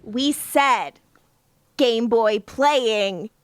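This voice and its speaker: A woman's voice: fairly high pitch, drawn-out words, smooth. A woman co-hosting a casual rewatch podcast, laughing often and acting out characters' lines. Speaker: podcast co-host.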